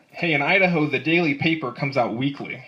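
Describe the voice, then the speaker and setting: A man's voice: fairly high pitch, sharp tone. A man in his twenties performing stand-up comedy, delivering dry one-liners and chuckling at his own jokes. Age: 20s. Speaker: amateur comedian. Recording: live set with audience laughter. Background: audience laughing.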